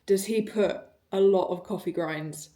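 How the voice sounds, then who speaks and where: A woman's voice: mid-range voice, measured pace, warm tone. A young British woman, an online fitness coach, chatting casually and rambling in a day-in-the-life vlog, swearing now and then.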